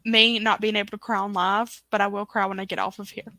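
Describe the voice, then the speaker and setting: Woman chatting on a livestream, bright tone, dry close sound, reading out comments. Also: medium pitch, little pitch movement, fast talker, no room sound. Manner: chatty, reads viewer comments aloud. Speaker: book club host. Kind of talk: casual livestream chat.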